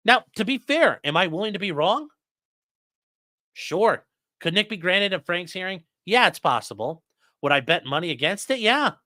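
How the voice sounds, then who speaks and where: Blunt, animated male stream host. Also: high-pitched, no echo, studio quality. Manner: blunt, profane, mocking. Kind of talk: live stream commentary.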